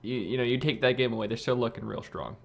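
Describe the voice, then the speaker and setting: A man's voice: mid-range voice, fast, creaky. A man co-hosting a casual esports podcast, easygoing and agreeable in the back-and-forth. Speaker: podcast co-host.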